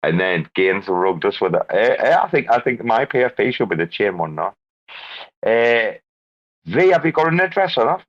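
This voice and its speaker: A man's voice: lowish voice, very animated, moderate pace, lo-fi sound. A man, chatting casually outdoors at night, swearing a lot and rambling with slangy restarts. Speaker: regular on a live crypto audio show. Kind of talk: casual chat.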